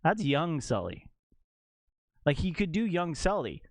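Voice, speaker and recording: Animated, ranting man streamer. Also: a little slow, dry recording. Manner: animated ranting, jumps to high exclaims and laughs. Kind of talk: casual livestream chat.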